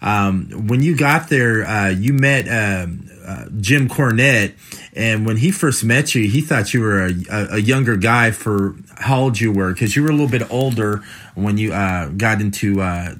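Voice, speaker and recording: A man's voice: lowish voice, measured pace, a bit bright. Hesitant male interviewer full of fillers. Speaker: interviewer, host. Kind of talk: podcast interview.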